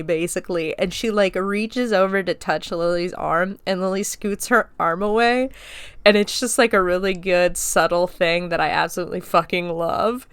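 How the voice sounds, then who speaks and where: A woman's voice: fairly low pitch, moderate pace, clear, resonant tone, no echo. A woman hosting a podcast, casually recapping a movie scene by scene, chatty and swearing freely as she acts out the quotes. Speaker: podcast host.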